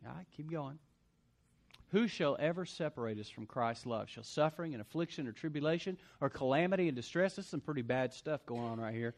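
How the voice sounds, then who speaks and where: A man preaching a sermon as pastor, swinging between loud punchy lines and quiet asides. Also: fairly high pitch, animated, fairly quick.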